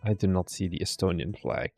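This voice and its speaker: A man's voice: low voice, lively intonation, fairly quick, gravelly, a little mellow, soft background music. A man hosting a stream, casually commenting and teasing as he looks through viewers' desk setups. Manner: chatty, teasing, thinks aloud. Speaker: streamer host. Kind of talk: casual commentary reacting to videos.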